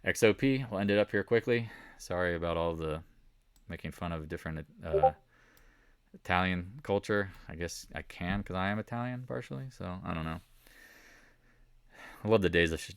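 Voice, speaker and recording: A man's voice: sits low, a little fast, clear, resonant tone, no room sound, studio quality. A man from the Southern United States hosting a market recap, talking in a casual, rambling way and repeating his points. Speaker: stock trading video host.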